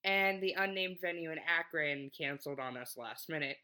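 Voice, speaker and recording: A man's voice: fairly high pitch, moderate pace, bright, forceful tone, clear, resonant tone. A man co-hosting a comedy podcast in casual chat, often laughing and hesitating with ums. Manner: giggly, hesitant, lots of ums. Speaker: podcast co-host.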